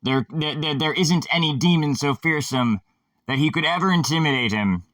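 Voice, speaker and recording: A man's voice: on the high side, normal speed, fairly bright tone, dry recording, studio quality, recorded from a distance. A man hosting a casual monologue, rambling, sarcastic and irreverent, swearing freely.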